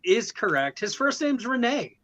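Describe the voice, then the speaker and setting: A man's voice: very high voice, big pitch swings, unhurried, noisy background. A man hosting an online trivia quiz, reading questions, counting down and joking with the players. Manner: reads questions, counts down, jokes. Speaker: trivia host.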